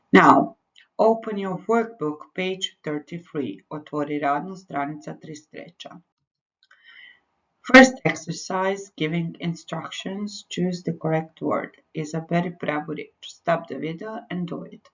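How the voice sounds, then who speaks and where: A woman's voice: sits low, unhurried. A woman English teacher, patiently giving lesson instructions and repeating them in both languages. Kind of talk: recorded English lesson with Croatian explanations. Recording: dull lo-fi recording.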